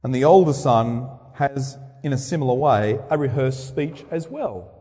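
A man's voice: unhurried, slightly rough. Man preaching in a reverberant hall. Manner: dramatic, acts out quoted speeches with sharp swings in pitch and loudness. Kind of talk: sermon. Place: church. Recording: long reverb of a large hall.

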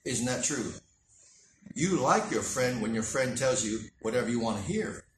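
A man preaching a sermon as a pastor, animated and acting out dialogue in character voices. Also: mid-range voice, normal speed, background noise. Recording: echoey room, mic at a distance.

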